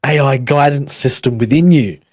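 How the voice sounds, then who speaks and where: A man's voice: mid-range voice, no echo. Guy rambling on his stream, dead dry mic, keeps restarting his sentences. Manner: musing, halting, reads chat aloud. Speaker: livestream host. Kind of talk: rambling livestream commentary.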